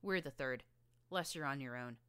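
A woman voicing a tough, streetwise young filly gang leader with a rough rural drawl and a blunt, slangy manner. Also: a bass voice, moderate pace, a bit bright, dry recording.

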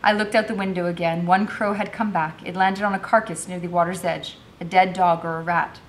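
A woman's voice: lowish voice, fairly even intonation, brisk, a little hiss or hum. A woman teacher reading a novel aloud, narrating expressively.

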